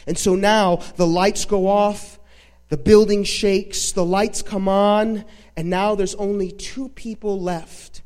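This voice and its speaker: Preacher guy telling a movie story in a sermon, a bit high-voiced, lots of drama. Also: fairly even intonation, a little mellow. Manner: dramatic retelling with emphatic pauses.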